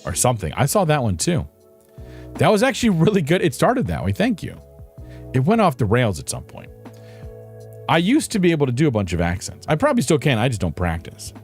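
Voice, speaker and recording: A man's voice: mid-range voice, huge pitch swings, brisk, soft background music. A man streaming a game, chatting casually with viewers in a playful, rambling, self-mocking way. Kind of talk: casual live-stream chat.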